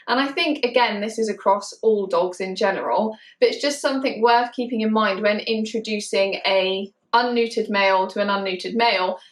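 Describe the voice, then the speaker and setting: A woman from the UK who owns dogs, chatting casually to camera, laughing often and slowing down to stress her points. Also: medium pitch. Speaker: dog owner vlogger. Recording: echoey room.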